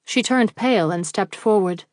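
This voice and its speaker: A woman narrates an audiobook of a classic mystery novel, reading in an even, measured manner. Her medium-pitched voice is captured in a dry, studio-quality recording.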